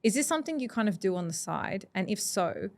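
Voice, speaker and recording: A woman's voice: medium pitch, very animated, brisk. A woman hosting a podcast, talking in a reflective, encouraging way with many fillers. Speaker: podcast host. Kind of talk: casual interview chat.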